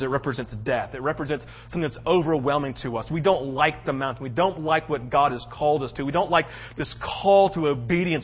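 A man preaching a sermon as a pastor, telling the story dramatically and slipping into voices for the characters. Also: a little high. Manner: animated storytelling, acting out voices. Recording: muffled lo-fi sound.

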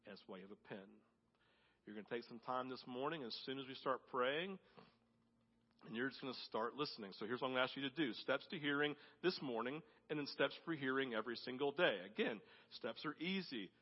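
A man preaching a sermon as pastor, rising to loud emphatic peaks and dropping to soft, intimate tones. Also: mid-range voice, brisk. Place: church sanctuary. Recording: dull audio with long hall reverb.

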